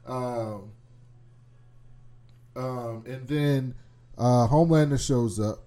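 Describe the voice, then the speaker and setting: A man recapping a show episode in casual chat, animated and swearing freely. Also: mid-range voice, extremely slow.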